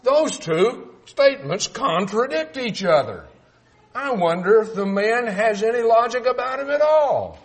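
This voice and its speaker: A man's voice: very high voice, expressive, unhurried. An older man from South Texas preaching a sermon, folksy and emphatic, mixing Bible argument with family stories.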